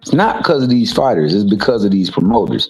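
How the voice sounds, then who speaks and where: A man with a low voice argues his points about boxing in a loose, emphatic way, often stumbling over and repeating words. Faint music sits under the talk. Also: sing-song, a little fast, a little mellow, rough recording. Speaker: co-host. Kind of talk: casual boxing chat.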